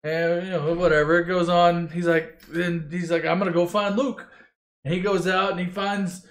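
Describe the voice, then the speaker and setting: High-pitched guy doing a foul-mouthed, loose comic movie recap in a roomy space. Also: level tone, normal speed. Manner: crude, rambling, swears constantly, mimics characters loosely. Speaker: storyteller. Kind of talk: profane comedic movie retelling.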